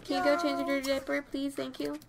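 A woman giving casual let's-play commentary, chatty and easily excited, talking straight to her game characters. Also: sits high, fast talker, creaky, noisy background. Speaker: gameplay commentator.

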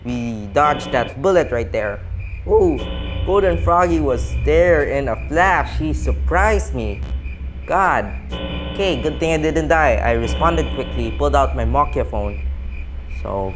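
A man hosting a gaming channel gives let's-play commentary. He is excitable and panicky, counts aloud, and keeps talking to his viewers. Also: mid-range voice, a little slow. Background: game music.

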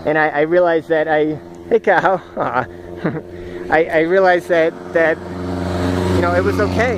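A man recording a personal reflection vlog outdoors, speaking in an earnest, halting, searching way and often restarting his phrases. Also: fairly high pitch, a little hiss or hum. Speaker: vlogger. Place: outdoors, walking in the countryside.

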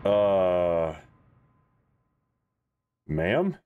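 A man's voice: deep voice, sing-song, very slow, phone-quality sound, slight background noise. Jumpy, swearing man gaming. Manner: jumpy, loud, swears often while reacting. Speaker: gaming commentator. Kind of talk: horror game let's play commentary.

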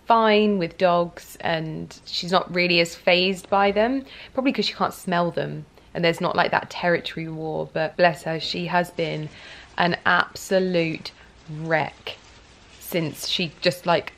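A woman's voice: fairly low pitch, a bit bright. A young woman in casual vlog chat, rambling with many fillers, tired and close to tears. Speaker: vlogger.

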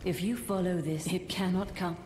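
Woman voicing a solemn low-voiced manor lady. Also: steady tone, natural voice. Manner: solemn, formal, measured. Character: stately noblewoman, lady of a rebel manor. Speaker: game character. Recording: game audio, echoey hall with music.

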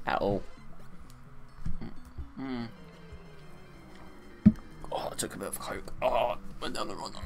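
Young man, casual gameplay commentary, slow easygoing talk, yelps high when upset, faint music underneath. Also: gravelly. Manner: excitable, cries out in high-pitched dismay at setbacks. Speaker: let's play gamer.

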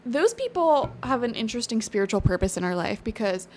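A woman's voice: fairly high pitch, very animated, brisk, a little mellow, slight background noise. A woman giving a casual, encouraging tarot reading, chatty and thinking aloud with fillers. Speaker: tarot reader.

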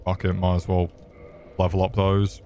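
A man's voice: low-pitched, completely flat delivery, normal speed, warm tone, soft background music. A man giving crude, joking commentary over gameplay, swearing freely and mocking the enemies. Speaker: gaming video creator.

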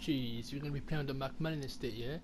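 A young man giving slangy, excitable gameplay commentary and swearing often. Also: medium pitch, quick pace, over music. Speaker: gaming YouTuber.

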